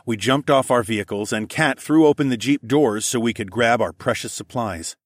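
A man narrating a first-person audiobook story in a steady, even storytelling manner. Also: mid-range voice, normal speed, dry recording, clean studio sound.

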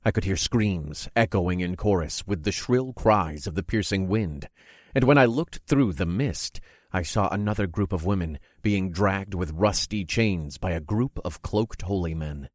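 A man narrating a dark first-person story in a measured, dramatic reading. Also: low-pitched, expressive, no echo, clean studio sound.

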